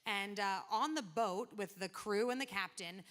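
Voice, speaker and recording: A woman's voice: medium pitch, normal speed, fairly bright tone. A woman preacher giving a casual sermon, retelling scripture in chatty everyday language with quoted asides.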